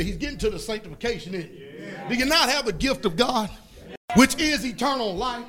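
A preacher with a strikingly high, bright voice, delivering a fiery, folksy sermon. He swings between loud shouted bursts and quieter asides, often breaking into laughter. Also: expressive, a little fast, soft background music.

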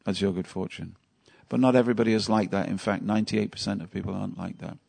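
This temple lecturer speaks fast in a lowish, husky voice with vocal fry, a slightly mellow quality and fairly even intonation. Running a devotional class, he shares stories casually and quizzes those listening.

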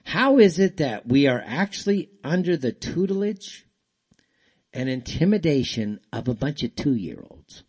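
A man's voice: a little high, very animated, unhurried, a little mellow, husky. A middle-aged man hosting a show, talking alone in a rambling, heated monologue full of repeated phrases and restarts. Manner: heated, ranting, repetitive restarts. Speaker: show host.

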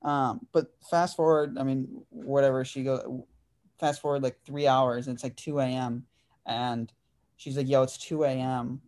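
A man in his twenties hosts a podcast, spinning a story in a relaxed chat peppered with "dude" and "like." His mid-range voice barely moves in pitch, and he speaks at a measured pace with a somewhat dark tone.

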